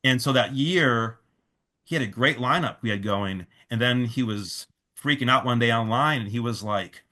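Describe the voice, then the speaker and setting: A man's voice: medium pitch, brisk, bright, forceful tone. A man, a festival organizer, telling a long story in a casual interview, full of fillers and restarts, quoting others in his own voice.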